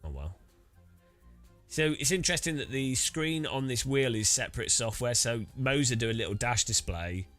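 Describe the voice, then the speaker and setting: A man's voice: mid-range voice, expressive, normal speed, fairly bright tone, faint music behind. A British man chatting casually while setting up racing gear, rambling with many restarts. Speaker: sim racing streamer.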